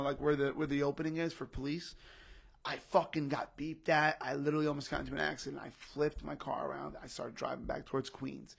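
His voice is a little high, creaky and slightly rough, with a fairly bright tone. The young man, a comedian guesting on a podcast, shares an emotional personal story in casual talk, often repeating himself and saying "bro" and "literally".

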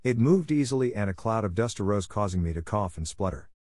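A man narrating a ghost story in a measured, formal first-person telling. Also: on the low side, lively intonation, a little mellow, no echo, studio quality.

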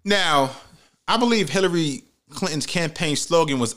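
A man's voice: a little high, lively intonation, normal speed, fairly bright tone. A man hosting a comedic commentary vlog, ranting with heavy profanity and mock outrage. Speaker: commentary host.

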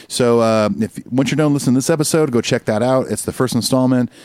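A man's voice: mid-range voice, fast talker, a little mellow, no echo. A young man co-hosting a casual music podcast, playful and joking. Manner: playful, jokes with put-on voices. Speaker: podcast co-host.

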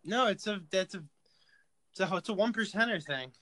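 A man's voice: sits high, expressive, normal speed, pushed and bright, dry recording. A young man hosting a podcast in loose, casual chat, swearing freely. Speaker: podcast host.

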